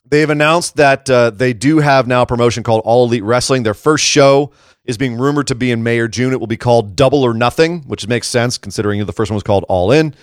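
Guy on a wrestling podcast, chatty and animated, mid voice, dry close mic. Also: mid-range voice, clean tone, dry recording. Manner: animated, quick asides, many restarts. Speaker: podcast co-host. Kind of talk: casual wrestling news chat.

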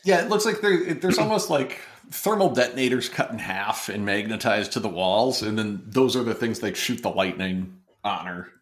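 A man's voice: on the low side, animated, moderate pace, few pauses. A young man co-hosting a podcast, chatting casually with dry, sarcastic humor. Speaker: podcast co-host. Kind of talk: casual chat.

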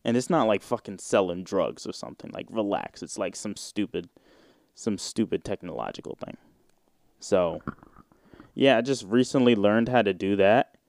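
A man's voice: lowish voice, moderate pace, creaky, a little mellow, no room sound. A man in his twenties hosting a casual solo podcast, rambling in slang with plenty of fillers and swearing. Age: 20s. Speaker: podcast host.

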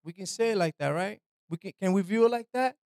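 A man's voice: high voice, fast, vocal fry, a little mellow, clean tone, no echo. A man preaching an informal sermon in a loose, conversational way, often asking his listeners "right?" and dropping "man" into his talk. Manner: slangy, repeats "man" and "right".

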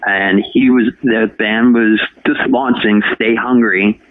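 A man's voice: lowish voice, fairly even intonation, takes it slowly, dry recording. A man in his forties, a radio host from New Jersey, telling a long story in a chatty way during an interview. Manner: chatty storyteller, talks to anybody. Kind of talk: casual interview. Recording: dry phone-line sound.

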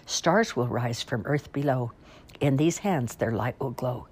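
A calm, mysterious old grandmother , voiced by a woman reader, speaks slowly and measuredly from a storybook. Her voice is deep and hushed with a husky breath. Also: exaggerated voice.

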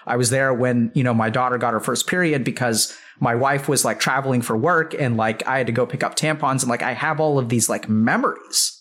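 A man in his thirties talks casually and tells a hospital story, his voice sitting at an ordinary middle pitch. He rambles, fills every pause with "like" and swears without holding back. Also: fairly bright tone. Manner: rambling, heavy use of "like", swears freely. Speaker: psychiatrist, podcast guest.

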